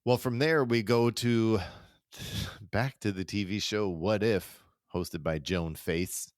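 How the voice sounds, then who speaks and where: A man with a notably low voice co-hosts a podcast. He recaps an episode step by step in an easygoing way and laughs along. The recording is close and dry. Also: takes it slowly, no room sound. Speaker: podcast co-host. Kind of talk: casual chat recapping an old comedy episode.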